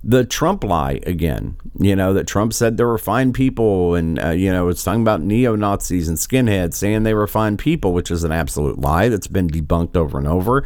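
A man's voice: sits low, lively intonation, moderate pace, hardly any pauses, a little mellow, dry recording, studio quality. A man giving casual political commentary, rambling and exasperated, with a sarcastic edge. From United States.

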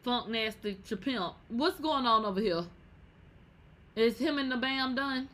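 A woman hosting a casual celebrity gossip vlog, talking brashly and profanely with loud outbursts. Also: fairly high pitch, unhurried, slight background noise. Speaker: gossip vlogger.

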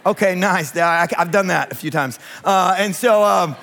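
A man's voice: high voice, moderate pace, vocal fry, fairly bright tone. A man in his thirties, a pastor giving a humorous storytelling sermon, chatty and joking as he asks the congregation to raise their hands. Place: church sanctuary with congregation.

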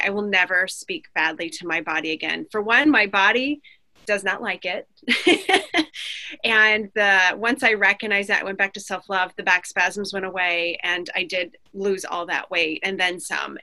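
A woman on a panel telling a personal story in casual, animated, emphatic talk. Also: mid-range voice, poor audio. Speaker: panel guest.

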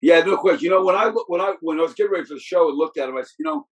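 A middle-aged man with a husky, slightly breathy voice tells stories in a relaxed, casual chat. He rambles, stopping and restarting his sentences and filling gaps with "you know". He talks like a football coach looking back. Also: high voice, rapid-fire, low-quality recording. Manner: rambling, with many restarts and fillers.

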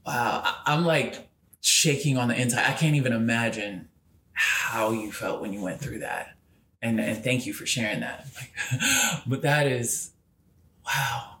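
Guy hosting an interview, mid pitch, lots of yeahs, echoey room. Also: lively intonation, a little slow, sharp tone. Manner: supportive, frequent brief affirmations. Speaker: interview host. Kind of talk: casual interview. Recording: roomy echo.

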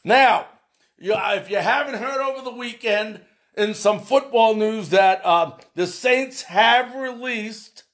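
Very high-pitched, slow-talking sports podcast host. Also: male voice. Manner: loud, emphatic, often shouting, fillers.

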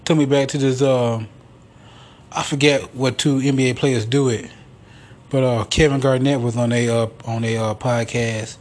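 A man's voice: mid-range voice, steady tone, moderate pace. A man hosting a podcast alone, telling stories in a rambling, profane, casual way. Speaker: podcast host. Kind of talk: casual solo monologue.

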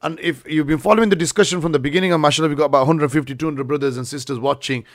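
A man's voice: fairly high pitch, steady tone, very fast. A man hosting a casual religious discussion, explaining at length and mixing Urdu words into his English. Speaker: imam and host.

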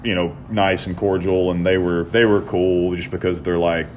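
A man, chatting casually on a podcast and telling stories in a profane, animated way. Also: low-pitched, moderate pace, a little hiss or hum. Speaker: podcast co-host. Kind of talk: casual chat.

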